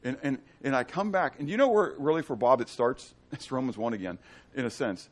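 A man's voice: mid-range voice, a little fast. A man teaching a conversational Bible study, with joking asides and questions to his class.

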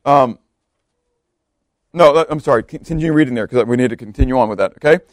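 A man's voice: mid-range voice, fairly quick, no echo, studio quality. A male pastor giving a conversational sermon, often stopping to ask his listeners questions and reading scripture aloud. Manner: conversational preaching with repeated rhetorical questions.

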